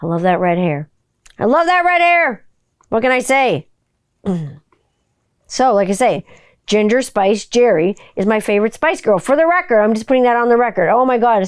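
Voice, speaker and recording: A woman chats casually on her own solo podcast, rambling with heaps of "like" and playful asides, even humming a silly tune while she thinks. Her mid-range voice is clean and a little mellow, captured in a dry, studio-quality recording.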